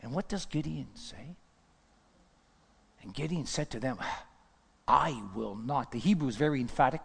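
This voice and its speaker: Male pastor preaching hard, high voice, long hall echo, gets loud then drops real quiet. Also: lively intonation, moderate pace, vocal fry, breathy edge. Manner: fervent preacher, swinging from shouts to hushed asides. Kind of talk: sermon.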